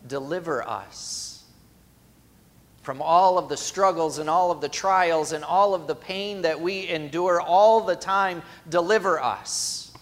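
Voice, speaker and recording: Dynamic preaching man, fairly high voice. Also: fairly even intonation, measured pace, hardly any pauses, big-room sound. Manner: dynamic preaching, swinging from loud emphatic cries to quiet hushed lines; acts out imagined quotes in conversational voices. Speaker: pastor. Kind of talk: sermon.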